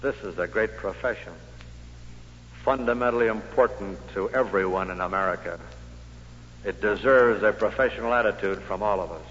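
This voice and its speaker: An older sales executive giving a speech to an audience, telling a story with dry humor and loud emphatic peaks. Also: male voice, fairly low pitch, moderate pace, a little hiss or hum. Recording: muffled old hall recording.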